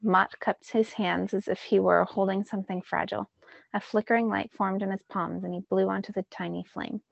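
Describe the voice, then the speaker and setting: A woman teacher reading a children's novel aloud in a steady storytelling way. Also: medium pitch, moderate pace, vocal fry, no echo, lo-fi sound.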